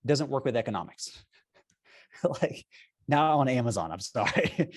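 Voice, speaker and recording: A man's voice: medium pitch, lively intonation, a little slow. A man being interviewed as a guest, explaining business strategy in an upbeat, persuasive way and chuckling often. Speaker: guest, repricing software founder.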